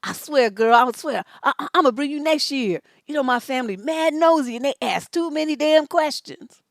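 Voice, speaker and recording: A woman putting on the voice of a smooth-talking man sweet-talking a side chick, in a coaxing drawl. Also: fairly low pitch, a little slow, no echo, clean studio sound, voice pushed down, close to an everyday voice.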